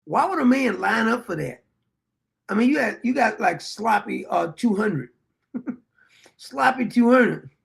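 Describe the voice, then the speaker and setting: A man's voice: high-pitched, animated, unhurried, vocal fry, pauses often. A man hosting a livestream who laughs, exclaims and mocks the clips he plays. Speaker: livestream host. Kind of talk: mocking livestream commentary.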